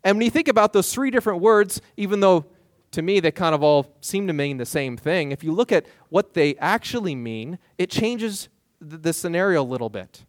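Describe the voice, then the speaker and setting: A man preaching a sermon as pastor, lively and acting out the questions of biblical figures in his own voice. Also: sits high, normal speed, no echo, studio quality.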